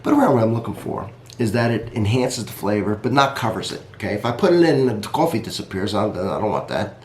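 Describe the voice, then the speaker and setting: A man's voice: fairly low pitch, animated, quick pace, reverberant, a little hiss or hum. A man reviewing coffee in a casual vlog, chatty and rambling, talking straight to his viewers.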